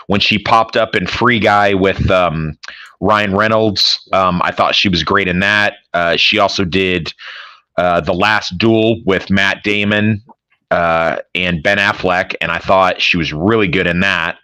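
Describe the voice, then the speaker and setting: Blunt, low-voiced man, close and dry. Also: fairly even intonation, unhurried, sharp tone, clear, resonant tone, no echo. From American Midwest. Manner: blunt, opinionated, swears casually. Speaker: podcast co-host. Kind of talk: casual movie review chat.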